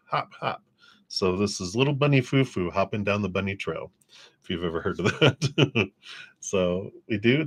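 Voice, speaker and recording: A man with a fairly low voice hosts a livestream tarot reading. He talks in an easy, chatty way and laughs often. His tone stays upbeat as he offers gentle spiritual encouragement. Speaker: tarot reader.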